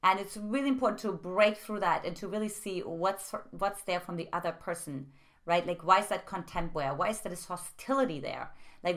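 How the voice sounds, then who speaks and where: A woman records a relationship advice video, speaking right to her audience. Her voice is bright and clear, and she keeps checking in with a quick "right?" and plenty of "like" as she walks through her points. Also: mid-range voice. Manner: animated, leans on filler "right?" and "like". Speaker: relationship coach. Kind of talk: direct-to-camera advice video.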